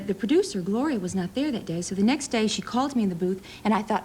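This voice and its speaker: A woman's voice: on the high side, animated, fast, hardly any pauses, slight background noise. A woman from Tennessee with a Southern Tennessee accent, a chatty, giggly actress telling stories as a talk show guest. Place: TV studio with audience.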